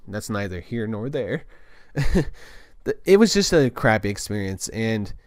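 A man's voice: on the low side, no room sound, clean studio sound. A young man telling a casual story in a loose, rambling way, full of restarts and filler words.

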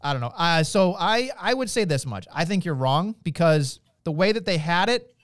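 Guy cohosting a podcast, kinda high voice, jumps all over, sarcastic and swearing, dry close sound. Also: moderate pace, no echo. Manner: animated, profane, sarcastic banter. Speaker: podcast co-host. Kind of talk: casual chat.

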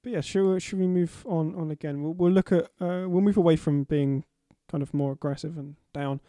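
Young guy cohosting a podcast, fairly high but mellow voice, casual and a bit hesitant. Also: steady tone, fairly quick, no room sound, clean studio sound. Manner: casual, agreeable, hesitant with restarts. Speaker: podcast co-host.

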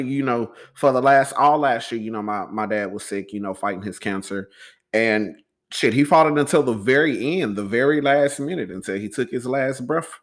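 This man hosts his own podcast, his mid-range voice a bit bright. Calling his audience y'all, he rambles casually while recounting a loss, emotional and wavering as he shares the personal news.

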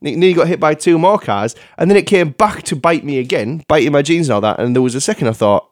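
A man's voice: on the high side, quick pace, few pauses, no echo, clean studio sound. A man from England, a podcast co-host in a casual chat, telling stories and acting out the people in them. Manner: animated storyteller, acts out the people in his tales.

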